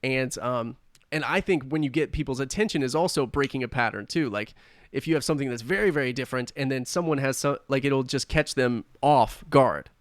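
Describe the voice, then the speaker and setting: A man's voice: mid-range voice, fairly quick, no room sound, studio quality. A man hosting a casual podcast interview, summing up points and asking questions. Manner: relaxed, summarizing and asking questions. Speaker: podcast host.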